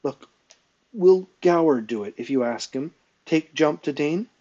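A steady, earnest girl knight-in-training, as a man reads her lines in a storybook reading, a little higher than his narration. The recording is dull and lo-fi. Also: a little slow. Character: determined, practical young girl page in training.

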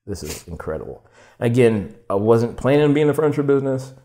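A young man telling his story as a podcast guest, casual and animated, swearing and acting out quoted lines with lots of "like". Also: medium pitch, fast talker. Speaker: podcast guest, furniture designer.

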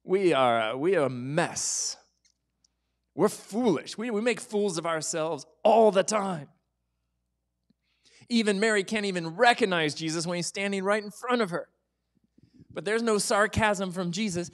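A man's voice: sits high, a little slow. Man preaching, dropping to whispers. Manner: drops to a soft whisper for emphasis; lively, conversational, sometimes joking. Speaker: pastor. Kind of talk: sermon.

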